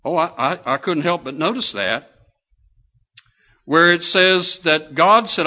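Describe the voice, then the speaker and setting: A man's voice: on the high side, expressive, takes it slowly. An older man preaching a sermon in a folksy way, asking his listeners questions as he goes. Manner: folksy, asks the congregation questions. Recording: dull lo-fi sound.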